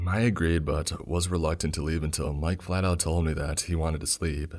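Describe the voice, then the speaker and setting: A man reading a first-person horror story as scripted narration, in a steady, measured storytelling manner. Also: extremely low pitch, soft background music.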